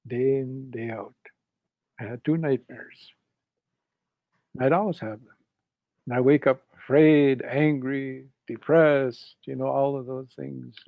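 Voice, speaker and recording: Gravelly older man telling his story. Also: mid-range voice, no echo. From Canada. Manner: slow, reflective, retells quoted speech. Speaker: interview guest. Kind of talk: personal storytelling. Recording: dull lo-fi dry sound.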